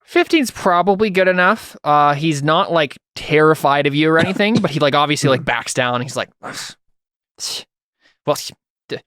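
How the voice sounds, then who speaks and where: A man's voice: on the high side, a little fast, hardly any pauses, a bit bright, clear, resonant tone, dry recording, clean studio sound. Rambling man running a tabletop game. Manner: rambling, hesitant with many fillers. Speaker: game master.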